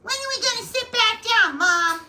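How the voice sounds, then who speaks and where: Woman putting on a high, whiny pet dog voice, clingy baby talk. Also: animated, moderate pace, pushed and bright, a little hiss or hum, heavily acted. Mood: pleading.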